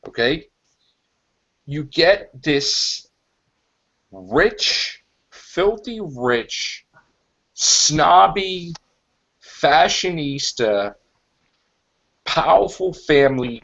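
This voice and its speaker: A man co-hosting a casual podcast chat, rambling and animated as he pitches ideas and acts out quick quotes. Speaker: podcast co-host. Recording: dull lo-fi sound.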